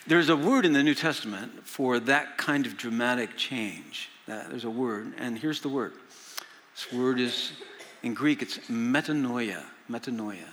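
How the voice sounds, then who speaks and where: Speaking a little slowly in a medium-pitched, slightly bright voice, a senior pastor in his sixties preaches in a large church hall. His sermon is folksy storytelling dotted with filler sounds, echoing with long reverb.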